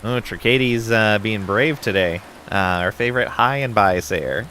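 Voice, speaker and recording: A man casually reading game story text on stream, relaxed and dotted with little asides. His voice sits slightly low yet sounds bright and forceful, over a faint hiss. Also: a little slow. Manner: relaxed, with frequent ums and asides.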